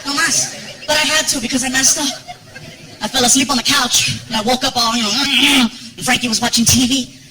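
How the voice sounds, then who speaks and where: Man, stand-up comedian, animated, jokey, high-pitched voice, echoey live venue. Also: fairly quick.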